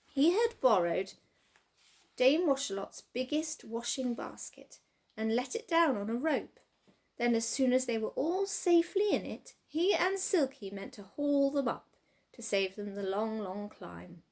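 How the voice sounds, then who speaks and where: A woman reading a children's storybook aloud with expressive, sing-song narration. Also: on the high side, a little slow.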